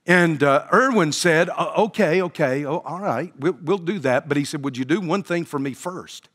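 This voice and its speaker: A man preaching a sermon, telling a story with frequent pauses and fillers and building to emphatic quoted lines. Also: on the high side, fairly bright tone. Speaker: pastor.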